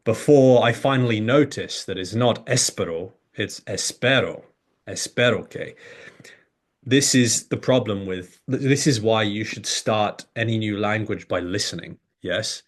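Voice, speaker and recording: A man's voice: on the low side, a little slow. A man, an English teacher, explaining in conversation and acting out pronunciation examples as he goes. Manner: animated, demonstrates pronunciation examples.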